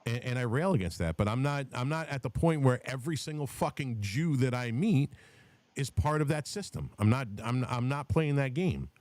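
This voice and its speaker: A man's voice: mid-range voice, animated, normal speed, a little mellow, no room sound. A man hosting a podcast who talks in a heated, profane way, telling stories and restarting his sentences. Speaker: podcast host. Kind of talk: casual political chat.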